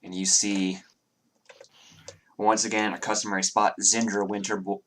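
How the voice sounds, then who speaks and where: A man with a very low voice runs a tabletop game as game master. He narrates scenes hesitantly, leaning on fillers as he goes. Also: level tone, normal speed, fairly bright tone, a little hiss or hum.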